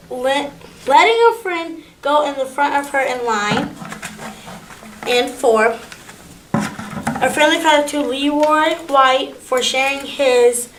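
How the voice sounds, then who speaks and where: A woman reads out student awards, halting over names, with a high voice and an unhurried pace. The sound is echoey with a faint hiss behind it. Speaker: school staff reading awards. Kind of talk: school announcements. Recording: echoey room with faint noise.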